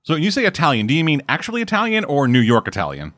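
A man's voice: a little high, huge pitch swings, very fast, fairly bright tone, dry recording. A man chatting casually on a podcast, joking around and swearing casually. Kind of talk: casual chat.

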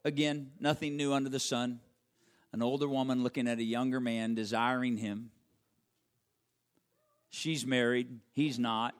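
A man preaching a sermon in a dramatic way, swinging from loud stretches to hushed ones. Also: medium pitch, flat delivery, measured pace, pauses often. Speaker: pastor.

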